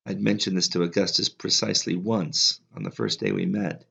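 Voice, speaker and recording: A man reading a novel aloud in a calm, measured way as an audiobook narrator. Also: deep voice, gravelly, husky. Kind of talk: scripted narration. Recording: slightly dull lo-fi audio.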